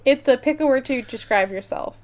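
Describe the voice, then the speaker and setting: A woman hosting a casual personality quiz, playful and quick to laugh, reading options off a list. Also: high-pitched, a little hiss or hum. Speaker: host running a personality quiz. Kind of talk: casual chat.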